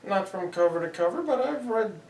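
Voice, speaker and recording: Calm, patient voice in an echoey room. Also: mid-range voice, brisk. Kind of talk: comedy sketch dialogue. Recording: roomy and distant, faint ambient noise.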